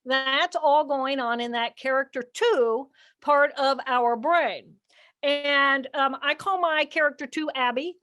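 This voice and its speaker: An older woman giving an animated, expressive teaching talk outdoors by the water, acting out inner voices as she explains. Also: high voice, slow pace, muffled recording. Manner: expressive, acts out inner voices with dramatic shifts. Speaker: guest speaker, neuroanatomist.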